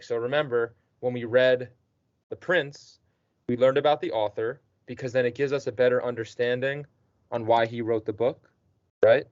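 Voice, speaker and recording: A male teacher talks a student through the work with patient encouragement, often pausing to check he is following. The recording is dry and a bit muffled. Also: medium pitch, no room sound. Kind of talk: one-on-one tutoring session.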